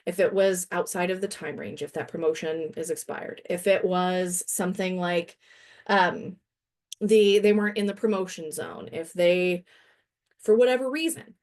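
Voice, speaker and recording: A woman trainer walks through a software demo in a webinar, chatty and self-deprecating, laughing now and then and sounding a little winded. Her voice is on the low side at a normal speed.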